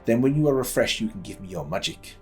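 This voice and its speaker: A man's voice: animated, quick pace, soft background music, natural voice. A man reading as a blunt stone colossus. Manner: booming, plain clipped speech. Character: giant living stone colossus, male, blunt and eager.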